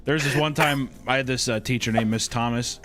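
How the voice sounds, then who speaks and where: A man's voice: mid-range voice, brisk, fairly bright tone, soft background music. Teasing young man co-hosting. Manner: teasing, laughing, blunt. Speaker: podcast co-host. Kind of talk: casual chat.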